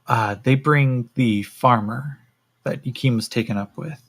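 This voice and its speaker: Husky man thinking aloud over a solo game. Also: medium pitch, a little slow. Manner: thinking aloud, relaxed, many fillers, swearing. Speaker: solo game master and player. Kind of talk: solo tabletop role-playing stream.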